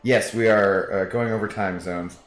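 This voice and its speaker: A man's voice: on the low side, steady tone, moderate pace, reverberant, faint music behind. A man streaming a video game, chatting casually and jokingly with viewers and reading their messages aloud.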